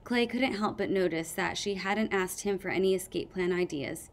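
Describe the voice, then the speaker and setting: A woman narrating a novel aloud as an audiobook reader, with steady storytelling. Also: mid-range voice, moderate pace.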